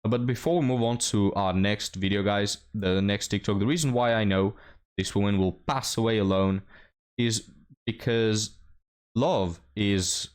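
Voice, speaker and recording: A man hosting a reaction commentary, mocking and scornful, often laughing as he talks. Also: lowish voice. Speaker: commentary host.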